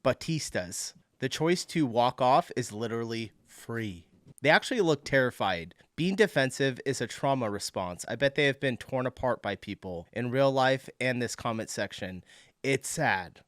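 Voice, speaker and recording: A man talks casually over clips as a reaction host, amused and quick with his asides. His voice sits at a middling pitch. The sound is dry and close, with no room around it. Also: lively intonation, no echo.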